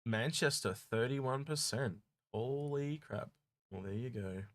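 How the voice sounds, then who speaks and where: Co-hosting a casual gaming podcast, a man reads viewer questions aloud and muses over them in a relaxed way, often trailing off. He speaks slowly at a medium pitch, with no echo.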